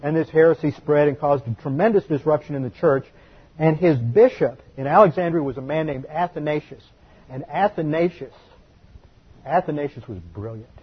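A man leads a Bible study lecture in a slightly raised, breathy voice. He explains step by step and leans hard on the words he wants remembered. The recording sounds dull and lo-fi. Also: a little high. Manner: explanatory, emphatic, slows to stress key words. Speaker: Bible teacher.

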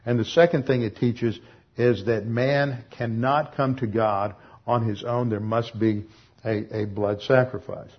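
Husky-voiced man teaching Scripture. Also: mid-range voice, fairly even intonation, lo-fi sound. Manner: measured, with frequent "uh" pauses and self-corrections. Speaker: Bible teacher. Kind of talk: expository Bible teaching.

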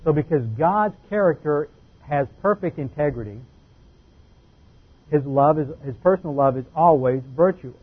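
A man's voice: a little high, moderate pace, husky, narrow, tinny audio. A man preaching a methodical doctrinal Bible lesson, laying out numbered points and careful definitions.

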